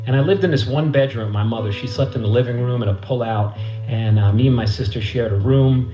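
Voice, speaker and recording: Speaking fast in a dark, mid-range voice with fairly even intonation, a middle-aged musician and host from Queens, New York, shares a laughing, profane, loose story between livestream songs. He acts out the other people's voices from his living room, which is echoey and has a guitar.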